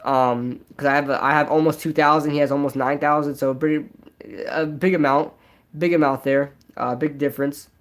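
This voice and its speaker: A young man with a nasal, high-pitched voice chats casually on a live stream. He rambles, piles on fillers like "like" and "um," and restarts his sentences. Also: steady tone, normal speed. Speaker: sports vlogger.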